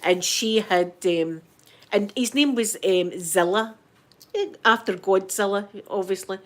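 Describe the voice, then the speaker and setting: Speaking slowly in a mid-range voice, a middle-aged Scottish woman hosts a live stream. It's a casual chat, and she greets viewers one by one by name.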